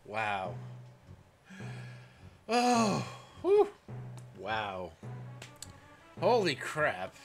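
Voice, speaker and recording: A man commenting on a game as he plays, excitable, reading dialogue aloud and laughing often. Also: mid-range voice, extremely slow, gravelly, long pauses. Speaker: gaming let's player. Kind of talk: let's play commentary. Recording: faint game music behind.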